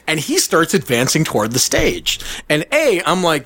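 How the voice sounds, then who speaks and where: A man with a fairly high voice swings his pitch widely as he tells a story in casual chat. He is profane and animated, and he acts out the voices of the people he quotes. His pitch leaps up and drops low as he laughs his way through it. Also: measured pace.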